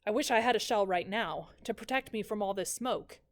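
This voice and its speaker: A woman teacher reading the first chapter of a novel aloud in measured, even storytelling. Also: medium pitch.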